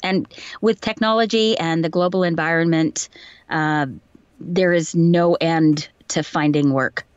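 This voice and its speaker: A woman's voice: low voice, fairly even intonation, a little slow, smooth, no echo, highs cut off. A woman voice actor chatting in an interview, telling anecdotes and laughing easily. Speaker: voice actor guest. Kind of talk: casual interview chat.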